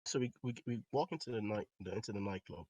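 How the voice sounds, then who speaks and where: A young man telling a story in a casual podcast chat, animated and swearing, with loud outbursts. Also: fairly low pitch, quick pace, breathy edge. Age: young adult. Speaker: podcast co-host.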